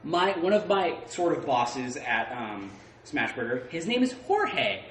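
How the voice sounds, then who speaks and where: A man's voice: a little high, sing-song, measured pace, a bit bright, a little hiss or hum. A young man co-hosting a podcast, telling a story between laughs and swearing casually. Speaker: podcast co-host. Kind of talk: casual chat. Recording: echoey room.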